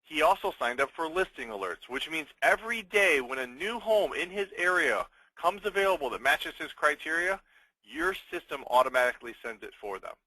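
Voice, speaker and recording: A man hosting a sales webinar, pitching with upbeat rhetorical questions and frequent "okay?" check-ins. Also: big pitch swings, fairly quick, sharp tone, no room sound, rough recording. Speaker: webinar host.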